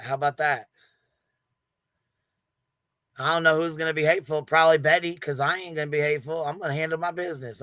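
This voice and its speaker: A man's voice: a little high, bright, forceful tone, clean tone, dry recording. A man hosting a livestream panel in casual chat, brash and profane and laughing often.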